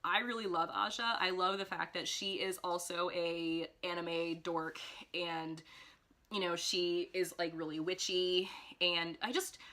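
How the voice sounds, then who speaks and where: A woman's voice: fairly low pitch, a little slow. A woman telling a story in a casual vlog, chatty and gushing, often stumbling over her words and saying "like". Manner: excitable fan gushing. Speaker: vlogger.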